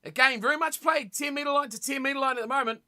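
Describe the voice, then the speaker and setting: A young man streaming a rugby watch party, commentating on the play and chatting casually with his viewers, with sudden loud reactions. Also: very high voice, fast talker. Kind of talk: casual live commentary and chat.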